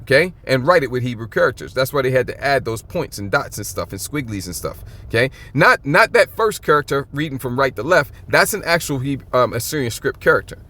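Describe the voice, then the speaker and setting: A man teaching from the Bible in an informal, emphatic way, often checking in with "okay?" and reading verses slowly and drawn out. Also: mid-range voice, expressive, bright, forceful tone. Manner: reads scripture aloud slowly and stretched out.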